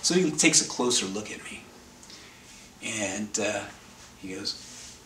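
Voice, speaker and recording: A man's voice: on the low side, lively intonation, takes it slowly, pauses often, fairly bright tone. A wry man rambling through a story. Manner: rambling, self-correcting, wry. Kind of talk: casual anecdote told to camera. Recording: roomy, distant, faint background noise.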